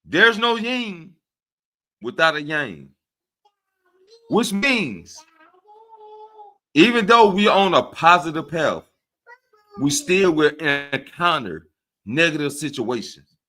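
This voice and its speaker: Animated Southern man talking to his chat. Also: fairly high pitch, takes it slowly, pauses often. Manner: animated and preachy, often asks "right?" of listeners. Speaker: livestream host. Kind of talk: casual livestream talk to chat.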